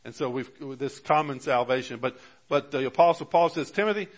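A man's voice: medium pitch, moderate pace. A man preaching a sermon as pastor, with emphatic rises on key words and many fillers and restarts. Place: church.

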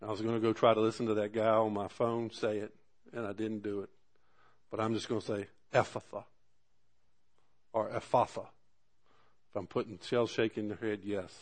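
A man preaching a sermon, talking through scripture in an earnest, conversational way, with swelling emphasis and drawn-out words at key moments. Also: lowish voice, level tone. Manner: earnest, conversational asides to the congregation. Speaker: pastor.

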